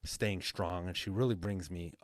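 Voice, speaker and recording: A man's voice: sits low, normal speed, dry recording, clean studio sound. A man speaking as a guest coach in a casual podcast interview, earnest and open in a plain-spoken way.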